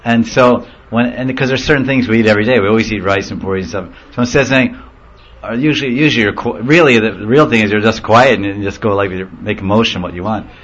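A man's voice: lowish voice, fast, a bit bright. Brief: man giving a casual devotional talk, muffled lo-fi recording, playful storyteller who mimics voices. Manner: storytelling, laughing, acting out voices. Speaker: spiritual teacher. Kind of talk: informal religious talk.

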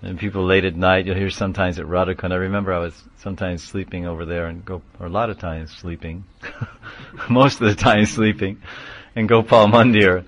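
Guy giving a scripture class, kinda low voice, explains words and chants lines. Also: fairly even intonation, fairly quick, a little hiss or hum. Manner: explains terms, chants verses, shouts out names. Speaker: spiritual teacher.

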